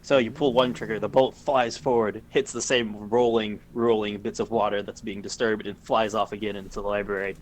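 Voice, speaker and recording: A man narrating a tabletop game as game master, calmly describing the action and explaining the rules over voice chat. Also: fairly low pitch, brisk, hardly any pauses, a little hiss or hum.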